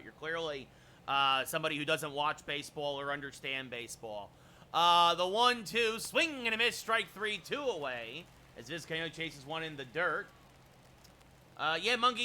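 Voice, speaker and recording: A man streaming a baseball video game, calling the plays like a broadcaster and chatting with viewers between pitches. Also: a little hiss or hum. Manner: erupts into shouted home-run calls. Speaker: streamer doing play-by-play. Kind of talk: live-stream game commentary.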